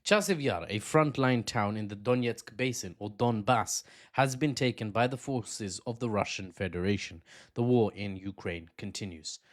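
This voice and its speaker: A man hosting opinionated geopolitical commentary, talking with animated, self-mocking asides. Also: lowish voice, moderate pace. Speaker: host.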